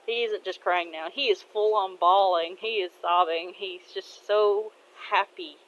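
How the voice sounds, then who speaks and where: A woman softly narrating a fan story in a casual, unhurried way. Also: mid-range voice, steady tone, muffled recording.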